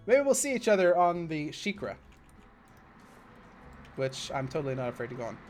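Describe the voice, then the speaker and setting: Chatty young-sounding male game streamer. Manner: chatty and rambling, drifting into side stories; excitable, with sudden high-pitched bursts. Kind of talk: casual live-stream commentary while building.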